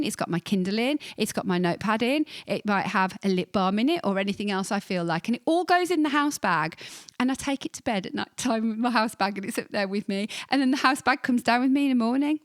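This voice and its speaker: Woman, 40s, solo podcast host; enthusiastic recommendation chat, mid pitch, dry close recording. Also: no echo. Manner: enthusiastic, chatty, full of recommendations.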